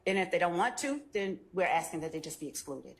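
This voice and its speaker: A woman's voice: lowish voice, big pitch swings, fast talker, creaky. A woman prosecutor making a firm courtroom argument and raising objections.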